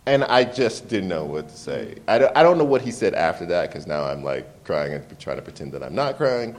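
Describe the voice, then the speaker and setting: Animated, halting male author. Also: sits low. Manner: animated, laughs often, halting restarts. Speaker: author being interviewed. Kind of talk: candid conversational storytelling.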